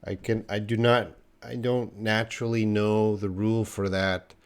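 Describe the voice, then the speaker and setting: A man's voice: lowish voice, level tone, measured pace, clear, resonant tone. Chatty man teaching English live. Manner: chatty, answers viewers' questions with playful teasing. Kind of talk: live-streamed English lesson.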